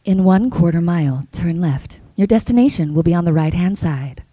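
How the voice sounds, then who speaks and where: A woman doing a calm plain GPS voice. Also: on the low side, normal speed, dry recording, pitched below the performer's own voice, natural voice. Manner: even, instructional.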